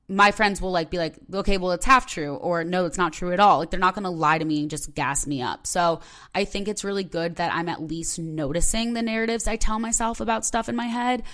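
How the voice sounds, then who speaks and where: A young woman hosting her own podcast, talking candidly and rambling with lots of filler words. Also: lowish voice. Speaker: podcast host. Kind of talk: personal podcast monologue.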